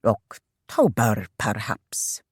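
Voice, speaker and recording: A narrator voicing an older father who mulls over plans slowly and deliberately. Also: medium pitch, wildly swooping pitch, breathy edge, no echo, studio quality, voice pushed down, full character voice. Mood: musing. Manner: slow, deliberating. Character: older father, measured and musing.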